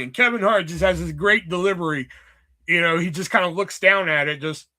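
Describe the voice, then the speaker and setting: A man's voice: sits high, fairly quick, pushed and bright. A man hosting a livestream, chatting casually about movies in a rambling, sarcastic way full of swearing. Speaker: livestream host.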